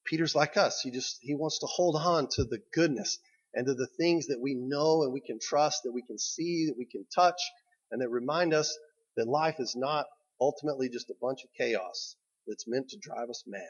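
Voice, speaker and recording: A man's voice: mid-range voice, moderate pace, husky, muffled recording. A man preaching a sermon as a pastor. He tells the story to his listeners and keeps drawing them in with "right?".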